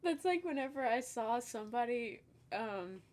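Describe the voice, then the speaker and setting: A young woman chatting on a podcast, her voice sitting a bit high and swinging widely as she acts out old family moments. She laughs often and slips into quoted voices mid-story. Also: lively intonation, moderate pace, darkish tone. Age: young adult. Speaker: podcast co-host. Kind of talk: casual chat.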